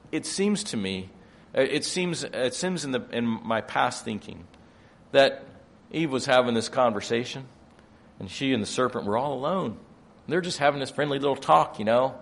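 An older man preaching a sermon, moving between quiet explanation and loud, emphatic passages. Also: mid-range voice, vocal fry.

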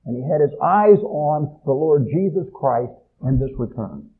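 A man preaching a sermon, swelling loud on key phrases and dropping low at the ends. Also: lively intonation, a little slow, husky. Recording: tinny phone-like audio.

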